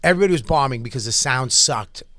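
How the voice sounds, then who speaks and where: A man's voice: mid-range voice, fast talker, dry recording. A man in his forties, a comedian and podcast host, telling stories in casual chat and acting out the lines of people in them. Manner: profane, animated storyteller who acts out quotes.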